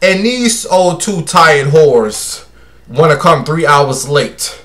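A man's voice: fairly high pitch, lively intonation, slow pace, fairly bright tone. Sassy, gossipy man with a raised voice. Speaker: livestream host. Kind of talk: casual gossip livestream.

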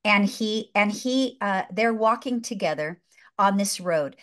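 A woman guest tells a film story with mounting excitement, turning each scene into a spiritual lesson. She talks emphatically, doubles back on her words and punches key phrases. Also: medium pitch, unhurried. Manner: excited, emphatic, repeats herself. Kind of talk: animated storytelling in a faith talk.

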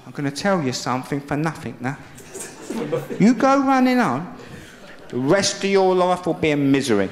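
A man's voice: on the high side, big pitch swings, normal speed, long pauses, noisy background. A man doing live stand-up storytelling, cheekily acting out his own drunk self-talk. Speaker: stand-up comedian. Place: live comedy venue, played from archive. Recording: roomy live venue with loud crowd laughter.

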